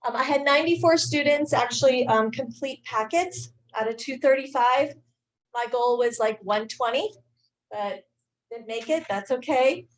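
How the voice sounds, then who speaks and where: Chatty middle-aged woman, slightly high voice. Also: poor audio. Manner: warm, halting, many fillers and restarts. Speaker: high school teacher and staff speaker. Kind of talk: informal presentation to a club meeting.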